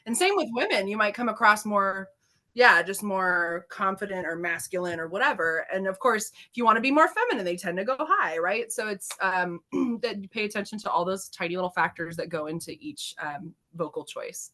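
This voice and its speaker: A woman's voice: mid-range voice, expressive, brisk, bright, forceful tone. A woman co-hosting a podcast, explaining voice and accent basics in casual chat, laughing often and slipping into demo voices. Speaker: podcast co-host.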